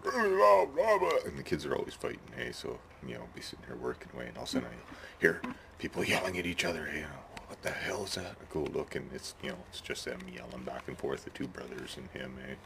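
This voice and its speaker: Very deep gravelly man, rambling. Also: fairly even intonation, quick pace, background noise. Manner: rambling, chatty, tags sentences with "eh". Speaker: hobby model builder. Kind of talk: casual rambling vlog. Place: home workshop shed.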